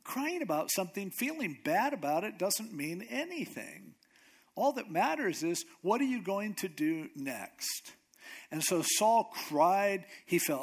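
Male pastor, slightly high voice, conversational sermon delivery. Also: sing-song, a little slow, slightly rough. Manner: conversational preaching, acting out quoted voices.

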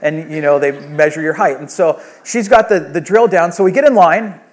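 A man preaching a sermon, telling a personal story with animated swings from hushed to loud and excited. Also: fairly high pitch, normal speed. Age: adult father of young children. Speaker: pastor.

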